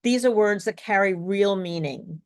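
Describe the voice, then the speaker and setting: A woman's voice: mid-range voice, moderate pace. A woman speech coach presenting an online workshop, encouraging and checking in with her co-presenter and the audience. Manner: encouraging, asks checking questions. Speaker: speech coach, co-host of webinar.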